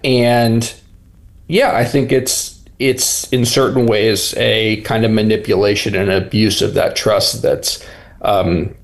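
A reporter being interviewed, a man who answers thoughtfully with frequent restarts and fillers. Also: on the low side. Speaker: reporter guest.

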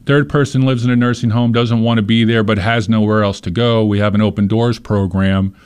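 Low-pitched man, interview guest, earnest and explanatory. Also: fairly even intonation, fairly quick, darkish tone, clean tone. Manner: earnest, explains with examples and stories. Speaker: nonprofit leader being interviewed. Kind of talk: conversational interview.

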